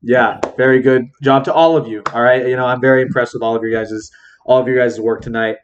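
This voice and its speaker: A man's voice: medium pitch, fairly even intonation, fast talker, muffled recording, a little hiss or hum. A young man hosting a casual podcast chat with friends, rambling and laid-back, laughing often. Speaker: podcast host.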